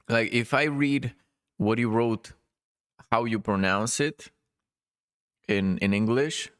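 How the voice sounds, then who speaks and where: Slow-talking man streamer. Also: fairly low pitch, a bit bright, no room sound, studio quality. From Spain. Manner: explaining patiently, repeating himself. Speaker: livestreamer. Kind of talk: casual live-stream chat.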